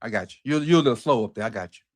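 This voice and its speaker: A middle-aged man hosting a watch party, calling plays live with excited, slangy reactions. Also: mid-range voice, very fast. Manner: excited, animated play-by-play reactions with Southern slang. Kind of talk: live football watch-along commentary.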